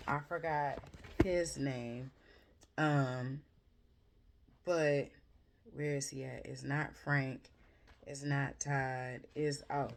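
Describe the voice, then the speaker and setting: A woman recapping a book in a casual, rambling chat, gushing about it and correcting herself often. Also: rumbling low. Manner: rambling, chatty, with frequent fillers and self-corrections; animated, gushing and expressive. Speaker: book reviewer.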